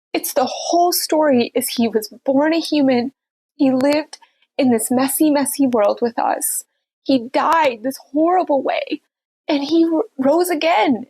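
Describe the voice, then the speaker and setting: A woman with a husky, slightly raised voice, sick and speaking from her bed. She hosts a casual faith podcast and retells a story with earnest feeling before reflecting on it. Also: sits high, a little mellow. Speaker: podcast host. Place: bedroom, recording from bed.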